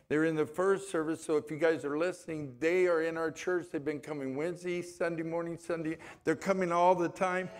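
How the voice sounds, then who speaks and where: A man preaching a sermon as a pastor in a church, telling a story in a rambling, conversational way and reading scripture aloud. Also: fairly high pitch.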